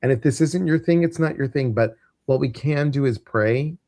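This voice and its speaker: A man's voice: mid-range voice, normal speed, warm tone, no echo, studio quality. A man with a Midwestern American accent hosting a casual livestream, chatty and rambling with lots of fillers. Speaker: host.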